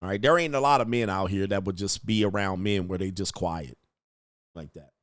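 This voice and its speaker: A man's voice: low-pitched, a little fast, no room sound, clean studio sound. A man hosting a livestream, reading viewer messages aloud and ranting casually with profanity, laughter and mocking asides. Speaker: host.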